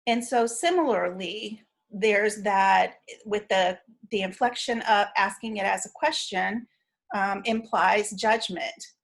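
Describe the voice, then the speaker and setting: A woman teaching an online training session, explaining in a measured way with frequent fillers and restarts. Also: mid-range voice, fairly even intonation.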